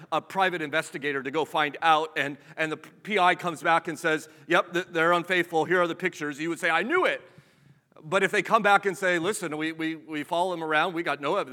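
A man preaching a sermon as pastor, conversational, with rhetorical questions and dramatic drops to a hush. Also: on the high side. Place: church sanctuary. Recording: long reverb of a large hall.

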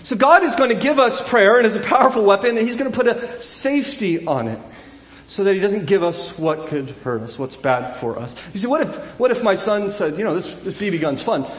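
High-voiced man preaching in an echoey hall. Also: very animated, fairly quick. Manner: conversational, frequent restarts and asides, rising to loud emotional cries. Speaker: pastor. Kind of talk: sermon.

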